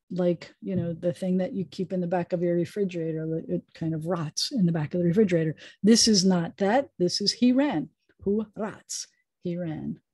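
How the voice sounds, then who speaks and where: A woman rabbi teaching a Hebrew reading lesson over a video call, patient and chatty with playful asides, sounding out letters slowly. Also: mid-range voice, a little mellow, no room sound.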